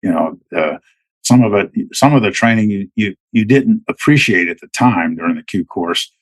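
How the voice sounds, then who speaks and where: A man's voice: lowish voice, expressive, normal speed, no room sound, poor audio. A middle-aged man, a military veteran, telling stories as a podcast guest in a rambling way, full of restarts and fillers. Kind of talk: casual storytelling.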